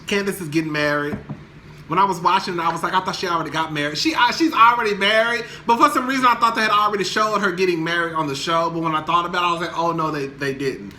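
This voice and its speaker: A young man casually recapping a reality TV episode, sassy and animated, laughing often as he gossips. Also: sits high, fast talker, a little hiss or hum.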